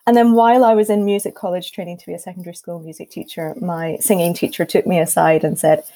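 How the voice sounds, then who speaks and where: A Scottish musician, a guest on a casual panel chat, tells her story in a lively way and acts out the quotes as she goes. Her voice is on the low side and she talks fast, in a rough recording.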